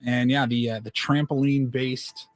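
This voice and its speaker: A man's voice: medium pitch, moderate pace, dry recording, soft background music. A man hosting a casual sports radio segment, reading out news items with plenty of uh's between them. His voice is close and dry, with no room sound at all. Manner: relaxed, reads news items with fillers.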